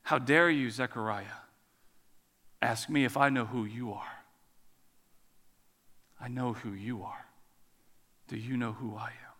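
A man's voice: medium pitch, expressive, slow, long pauses, pushed and bright, pitched below the performer's own voice. A preacher voicing a stern, commanding male angel who rebukes an old man. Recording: long echo of a large hall.

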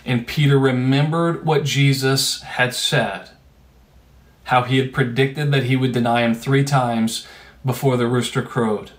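A man's voice: mid-range voice, steady tone, measured pace. Conversational, emphatic male preacher. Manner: conversational and emphatic, with rhetorical asides. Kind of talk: sermon.

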